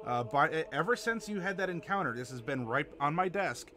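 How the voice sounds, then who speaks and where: A man running a streamed tabletop game as game master, chatty and halting with lots of fillers. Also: fairly high pitch, expressive, sharp tone, slight background noise. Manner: chatty, halting, many fillers, laughs easily.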